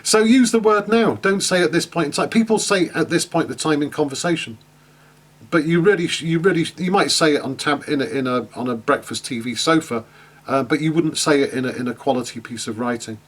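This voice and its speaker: A man's voice: fairly high pitch, brisk. A man teaching an online class in a chatty way, with many fillers and restarts, asking his students questions. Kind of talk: online lecture.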